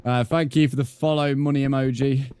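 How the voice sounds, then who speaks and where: A man's voice: medium pitch, little pitch movement, a little fast, a little mellow, soft background music. A man livestreaming a game, chatting casually with viewers, bantering and swearing at the chat in mock threats.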